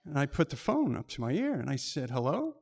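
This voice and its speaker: A man's voice: mid-range voice, huge pitch swings, fast talker, gravelly, a little mellow. A man telling a personal story on stage in short, punchy lines, acting out the dialogue.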